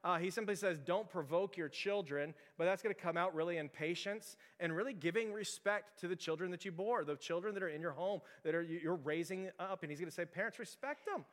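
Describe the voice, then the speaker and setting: A man's voice: high voice, a little fast, hardly any pauses. A man in his thirties preaching a casual, story-driven sermon, chuckling as he talks. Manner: storytelling, conversational, chuckles often. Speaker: pastor. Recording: long reverb of a hall.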